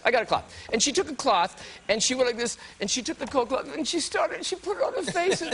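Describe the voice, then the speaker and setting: A man spins a comic story as a talk show guest, his voice high and lively. He talks in a bright, playful way with quick asides. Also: slight background noise. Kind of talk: comic anecdote.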